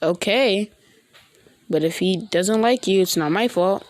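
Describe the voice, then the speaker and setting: A woman's voice: medium pitch, a little slow, lightly acted. A woman voicing a teasing, ancient goddess mother in a jokey, rambling way.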